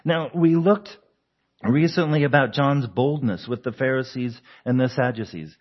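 A man's voice: mid-range voice, normal speed, lo-fi sound. A man preaching a conversational sermon, asking the congregation questions and chuckling often. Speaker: pastor.

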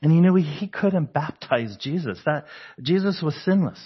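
A man's voice: on the high side, lively intonation, moderate pace, slightly rough, highs cut off. A man preaching a conversational sermon, asking the congregation questions and chuckling often. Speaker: pastor.

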